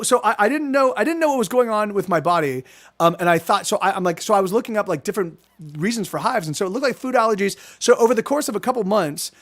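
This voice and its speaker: A man in his thirties, a livestream host, telling a rambling story to his chat with many restarts and a lot of swearing. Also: on the high side. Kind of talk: casual storytelling to live chat.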